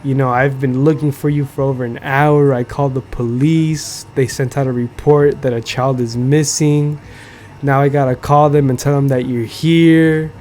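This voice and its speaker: A man voicing an angry mother who scolds her son in a low, seething voice. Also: steady tone, moderate pace, a little mellow, a little hiss or hum, close to an everyday voice. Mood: scolding.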